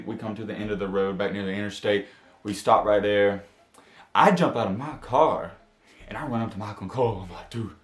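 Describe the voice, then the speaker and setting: A young man telling a spooky personal story as a vlogger. He talks in casual slang, going from hushed to loud and excited. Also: lowish voice, roomy sound. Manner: animated storytelling, slang-heavy, jumps from hushed to shouting. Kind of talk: story time vlog. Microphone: camera mic.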